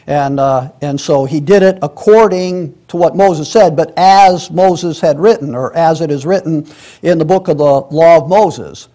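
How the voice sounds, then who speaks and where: Leading Sunday school at church, this man reads scripture aloud and talks through it conversationally, full of restarts and side comments. His voice is on the high side with a dark tone.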